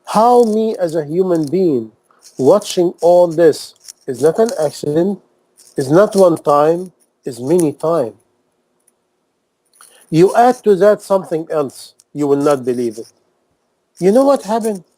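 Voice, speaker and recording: A man's voice: on the high side, lively intonation, unhurried, long pauses, mellow, rough recording. A man preaching a sermon in impassioned, non-native English, repeating phrases and firing off rhetorical questions. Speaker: Islamic preacher.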